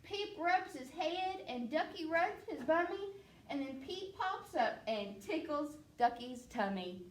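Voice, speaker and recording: A woman reads a picture book aloud to children, her very high voice bouncing up and down playfully and taking its time. She adds playful sound effects as she goes. She sounds a little far from the mic in an echoey room. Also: expressive, a little slow, a little hiss or hum. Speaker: children's librarian.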